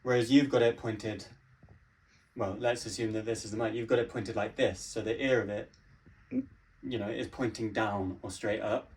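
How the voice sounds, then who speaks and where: A man's voice: fairly low pitch, steady tone, normal speed, a little mellow, recorded from a distance, rough recording. A man patiently explaining how a microphone works, in a plain, blunt way. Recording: off-mic, from across the room.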